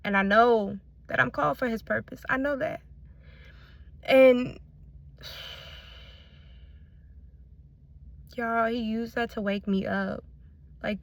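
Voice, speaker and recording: A woman's voice: medium pitch, fairly bright tone. A woman giving a fervent personal faith testimony to her viewers, repeating phrases and calling them y'all, speaking into a phone she holds in her hand. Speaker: faith content creator. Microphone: phone held in hand.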